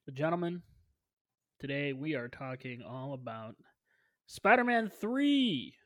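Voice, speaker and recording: A man's voice: medium pitch, moderate pace, no room sound. A man hosting a casual movie podcast, upbeat and jokey as he introduces guests and reads the show plugs. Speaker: podcast host.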